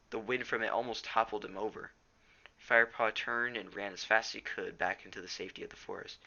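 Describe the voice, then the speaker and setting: A man's voice: lowish voice, sharp tone, lo-fi sound. A teenage boy reading a novel aloud at home, plainly, with small stumbles. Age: teens. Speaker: reader.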